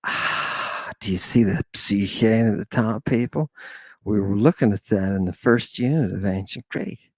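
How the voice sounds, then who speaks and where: A man's voice: fairly low pitch, normal speed, darkish tone, dry recording. A man giving a lecture to his viewers in a theatrical, exclamatory manner, with many sighs and asides. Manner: theatrical, sighing, exclamatory, addresses viewers as "people". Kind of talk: livestream lecture.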